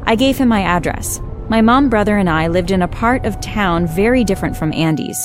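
A woman tells a first-person story in a wry, lively manner, with her voice sitting at a middle pitch. Soft music plays faintly behind her. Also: fairly quick.

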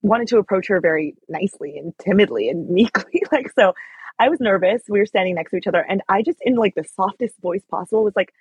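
A woman's voice: mid-range voice, fast, breathy edge, dry recording, highs cut off. A young woman telling a story as an interview guest, chatty and full of fillers. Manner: chatty, lots of fillers and likes. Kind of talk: casual storytelling.

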